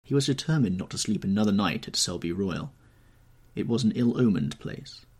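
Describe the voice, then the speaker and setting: A man narrating a classic novel chapter for a podcast in a measured, dramatic storytelling manner. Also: lowish voice, animated, a little mellow, breathy edge. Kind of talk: scripted narration.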